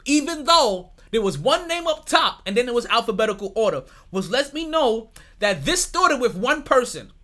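A man hosting a sports podcast in casual chat, animated, swearing freely and laughing often. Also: very high-pitched, normal speed, few pauses. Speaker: podcast host.

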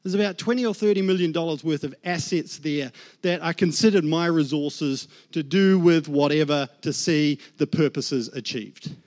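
A man's voice: a little high, moderate pace, few pauses, a little mellow. A man in his thirties with a New Zealand accent, telling his own story in a sermon and acting out the voices in his head. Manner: storytelling, acts out his inner voices and God's words. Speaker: guest preacher. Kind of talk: sermon testimony.

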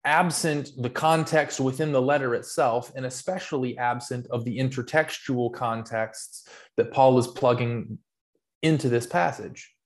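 A man's voice: mid-range voice, a little slow. A man co-hosting a podcast, explaining his view in casual, earnest, rambling talk with restarts. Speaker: podcast co-host. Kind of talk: casual theological discussion.

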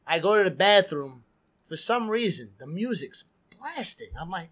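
A man with a New York accent, a guest DJ telling a lively story in casual chat. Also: high voice, moderate pace. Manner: animated, swears, acts out quotes.

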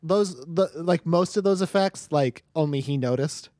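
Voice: medium pitch, normal speed, dark tone, no echo. Rambling game master, dry sound. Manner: rambling, full of fillers and restarts. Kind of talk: narrating a tabletop game.

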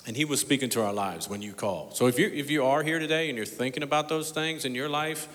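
A man preaching a sermon as pastor, telling a story, dropping to a hush and then rising loud and emphatic. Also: mid-range voice, fast. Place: church sanctuary. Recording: long hall reverb.

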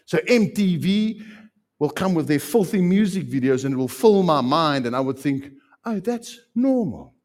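A man preaching a sermon as pastor, animated and repeating phrases for emphasis. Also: fairly high pitch, moderate pace.

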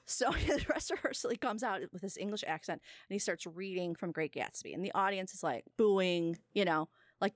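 A woman chatting on a podcast and telling an anecdote with lots of energy, breaking into laughter and performing the quotes herself. Her voice sits at a middle pitch. The recording is dry and close. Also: fairly quick, hardly any pauses, dry recording. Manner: animated, laughs often, acts out quotes. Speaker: podcast host. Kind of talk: casual podcast chat, storytelling.

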